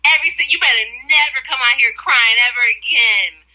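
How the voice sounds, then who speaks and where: A woman's voice: high-pitched, a little fast, sharp tone, poor audio. A woman ranting on a livestream, mocking and taunting someone with insults.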